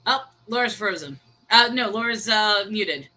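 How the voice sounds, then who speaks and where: A woman co-hosting a casual online chat show, telling stories in an animated, chatty way. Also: mid-range voice, measured pace, low-quality recording. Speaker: co-host.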